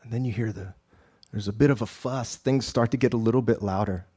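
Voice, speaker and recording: A man leading a slow, hushed guided prayer meditation, sometimes dropping to a whisper. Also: lowish voice, husky.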